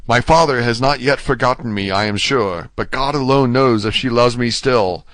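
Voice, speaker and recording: A man's voice: mid-range voice, moderate pace, fairly bright tone, no room sound, natural voice. A man voicing a young male prisoner in his twenties, pleading urgently in an audiobook reading. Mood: eager. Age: 20s.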